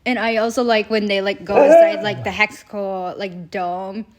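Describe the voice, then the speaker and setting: A woman's voice: mid-range voice, normal speed. A young woman casually recapping a show, rambling with lots of filler words and acting out the characters' lines. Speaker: show reviewer.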